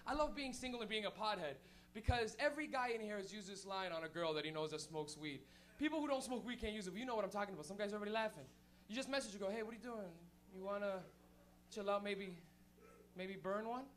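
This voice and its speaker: High-voiced laughing stand-up comic, male. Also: lively intonation, very fast, a bit bright. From Toronto. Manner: laughs often, acts out stoner voices. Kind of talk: stand-up comedy set. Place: comedy room with a laughing crowd.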